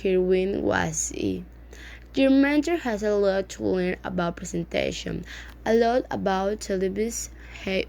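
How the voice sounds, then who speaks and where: A woman reading a novel aloud in a halting way, often stumbling over words and starting them again. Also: medium pitch, creaky, a little mellow. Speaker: reader.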